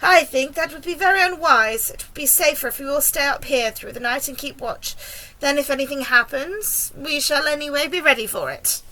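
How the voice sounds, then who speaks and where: A woman's voice: sits high, normal speed, sharp tone. A woman voicing a kindly old male grasshopper in a storybook, giving firm orders. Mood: commanding.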